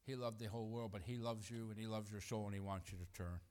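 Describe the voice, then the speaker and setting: A middle-aged man preaching a sermon in a conversational, animated way, acting out quotes and chuckling between points. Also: fairly low pitch, fast talker.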